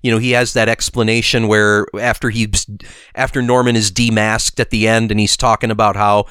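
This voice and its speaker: Man, casual podcast chat, smooth clear voice, dry close sound. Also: fairly low pitch, level tone, a little fast, fairly bright tone, no echo. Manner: chatty, hesitant restarts, frequent affirmations. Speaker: podcast co-host.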